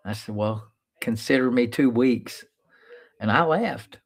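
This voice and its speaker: Male lawyer-host, mid-pitched voice, blunt and plain-spoken, casual storytelling monologue. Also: measured pace. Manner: storytelling, reenacts his own past lines.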